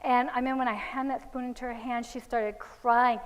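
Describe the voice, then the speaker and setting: A woman's voice: fairly high pitch, steady tone, moderate pace, smooth, in a large hall, low-quality recording. A woman giving a religious parenting seminar, telling anecdotes and acting out the voices of the people in them. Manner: storytelling, acts out quoted voices of children and parents. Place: seminar hall.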